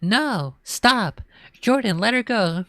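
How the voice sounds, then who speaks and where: A woman voicing a bratty little girl who whines and shrieks in a high voice. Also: expressive, measured pace, no room sound, studio quality, lightly acted. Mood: pleading. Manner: high, shrill, whining. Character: shrill bratty little girl, whiny and insistent.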